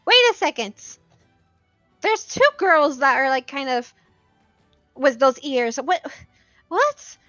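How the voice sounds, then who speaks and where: A fussy, nosy older innkeeper woman, as a game master puts her on, calling out in a shrill, high voice. The voice is bright and close and dry, and the recording is a little dull. It stays loud and busybody-like throughout. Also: lively intonation, slow pace, pauses often, no echo, soft background music, full character voice. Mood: puzzled.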